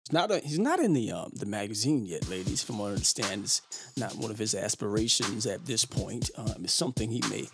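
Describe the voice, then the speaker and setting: A man hosting a podcast, chatting casually in an animated, rambling way with lots of fillers. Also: fairly low pitch, fairly quick, loud music behind the voice. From Brooklyn. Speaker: podcast host. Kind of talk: casual chat.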